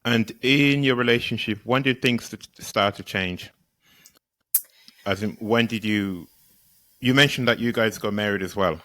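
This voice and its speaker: A man hosting an interview, calm, asking gentle questions and humming along as he listens. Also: fairly low pitch, unhurried, no echo. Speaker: host. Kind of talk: interview conversation.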